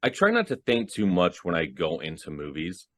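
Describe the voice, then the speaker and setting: Casting: low-voiced guy, animated podcast co-host, swears and laughs a lot. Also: moderate pace, no echo, studio quality. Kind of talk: casual movie discussion.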